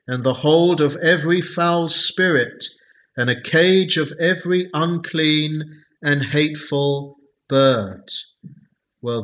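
A man leading a Bible study, speaking slowly and deliberately with many hesitant fillers. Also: fairly high pitch, pushed and bright, low-quality recording.

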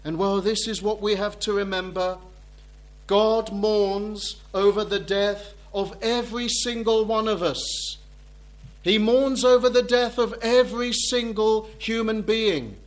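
A man's voice: high voice, steady tone. A man preaching a sermon, reading scripture aloud in old-fashioned wording and repeating key phrases for emphasis. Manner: slow, deliberate preaching with emphatic repetition.

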